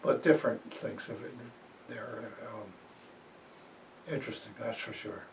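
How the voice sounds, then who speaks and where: Older man in his 80s, gravelly, rambling storyteller, set back from the mic. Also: on the low side, fairly even intonation, slow, far from the mic, slight background noise. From New Jersey, USA. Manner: rambling storyteller, fillers and chuckles. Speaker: interviewee. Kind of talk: reminiscing interview.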